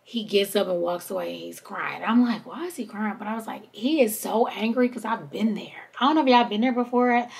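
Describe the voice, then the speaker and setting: A woman hosting a podcast, telling a reality-show episode in casual chat and quoting the cast as she goes. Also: medium pitch. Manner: chatty, animated retelling with quoted voices. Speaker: podcast host.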